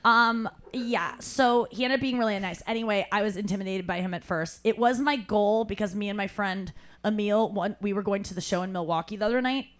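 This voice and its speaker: A woman hosting a live podcast, telling an animated story and acting out other people's lines, laughing often. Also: mid-range voice, brisk, hardly any pauses. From St. Louis. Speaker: podcast host. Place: live show at a cafe.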